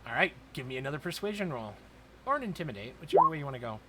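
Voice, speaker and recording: A man narrating a tabletop role-playing game as dungeon master, in a casual, halting way. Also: on the high side, wildly swooping pitch, pushed and bright, a little hiss or hum. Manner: casual, hesitant with fillers.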